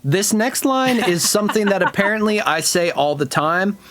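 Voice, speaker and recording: A man's voice: high voice, expressive, normal speed, a bit bright. A man hosting a casual interview, enthusiastic and slangy, laughing along with his guest. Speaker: interview host.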